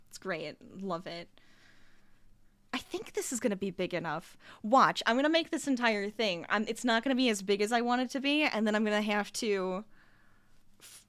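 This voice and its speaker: A woman's voice: medium pitch, moderate pace, fairly bright tone, dry recording. A young adult woman streamer chatting casually and laughing often while she crochets at her desk at home. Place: home room.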